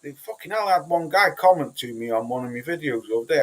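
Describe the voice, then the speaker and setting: A man's voice: on the high side, animated, fast talker, hardly any pauses, low-quality recording. A man with a Cheshire English accent, hosting a livestream and chatting casually with viewers in a blunt, sweary, rambling way full of restarts. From Cheshire, England. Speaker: livestream host. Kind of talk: casual livestream chat reading comments.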